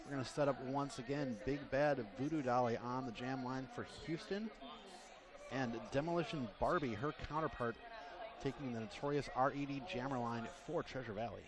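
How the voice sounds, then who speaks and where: With a medium-pitched voice at a moderate pace, a man gives live commentary on a roller derby bout. He runs energetically through rosters and action, reeling off names and numbers over constant crowd noise.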